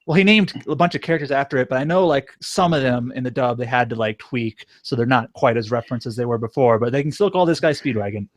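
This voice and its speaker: A man's voice: medium pitch, quick pace, hardly any pauses, no room sound. A man co-hosting a podcast in casual chat, rambling with lots of fillers and restarts. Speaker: podcast co-host.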